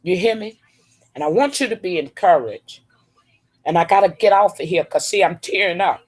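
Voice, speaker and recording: A woman's voice: on the low side, lively intonation, moderate pace, breathy edge. A middle-aged woman, giving an emphatic, preachy testimony on a live stream. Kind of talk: encouraging testimony.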